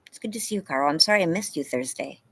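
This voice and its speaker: A woman's voice: deep voice, expressive, fast, slightly rough, no room sound. A woman hosting a casual livestream, tired and a little teary, greeting viewers by name between moments of talking to her dogs. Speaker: livestream host. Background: dogs barking.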